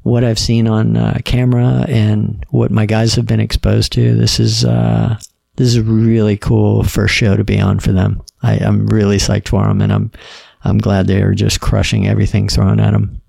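A middle-aged man, a podcast guest, telling stories in a relaxed, casual way and quoting other people's lines. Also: fairly low pitch, normal speed, gravelly, hardly any pauses, dry recording, studio quality. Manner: laid-back storyteller, quotes others in dialogue. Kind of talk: casual storytelling.

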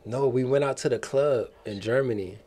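A man on a podcast, casually telling a story in a slangy, animated way and laughing often. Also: mid-range voice, normal speed, a little hiss or hum. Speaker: podcast cast member.

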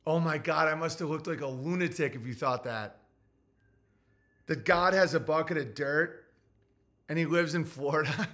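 A man streaming casually, profane and excitable, laughing often as he reacts to his chat. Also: fairly high pitch, moderate pace, pauses often. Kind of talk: casual stream chat, reading viewer messages.

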